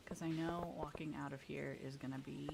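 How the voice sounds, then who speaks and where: A young woman streaming live, chatting casually with viewers, bubbly and talkative with loud exclamations. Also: deep voice, steady tone, fairly quick, vocal fry, very noisy. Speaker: VTuber streamer.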